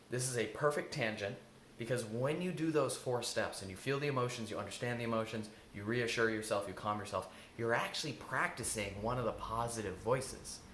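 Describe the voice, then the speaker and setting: A man's voice: medium pitch, a bit bright, echoey room, slight background noise. A man giving an earnest self-help talk as an intuitive eating coach, repeating key lines for emphasis.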